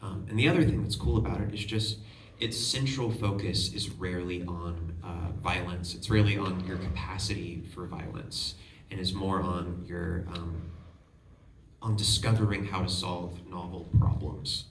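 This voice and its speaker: A man with a fairly low voice tells a lively, self-deprecating story on a convention panel and laughs along with it. He is heard from some way off the mic in a large echoing hall, with clear crowd noise behind him. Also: moderate pace. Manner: animated, self-deprecating, laughs while telling stories. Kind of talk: casual storytelling to an audience. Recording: echoey hall, far from the mic, audience noise.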